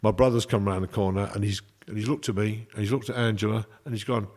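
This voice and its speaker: Speaking quickly in a lowish voice, this man, a chef from England, is having a casual chat. His stories ramble from one anecdote to the next, told with plenty of animation.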